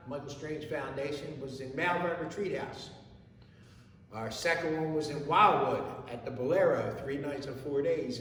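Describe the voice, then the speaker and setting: Middle-aged Gold Star father, halting testimony, reverb-heavy distant hall sound with faint ambience. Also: on the high side, a little hiss or hum. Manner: plain-spoken, halting, repeats words and restarts. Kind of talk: emotional personal testimony to an audience.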